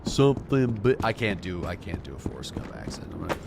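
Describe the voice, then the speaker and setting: A man's voice: low voice, very animated, fast talker, creaky, background noise. A man streaming a game, casually chatting with a co-op partner, swearing and thinking aloud. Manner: laid-back, profane, thinking aloud. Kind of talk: casual gaming chat with a co-op partner.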